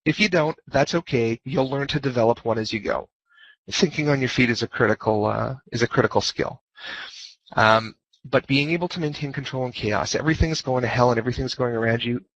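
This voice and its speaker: A man's voice: medium pitch, a little fast, a bit bright, no echo. A man giving a guest lecture on leading fleets, talking casually and joking, repeating his key points over a headset. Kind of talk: informal lecture over voice chat. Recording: dull lo-fi voice chat audio.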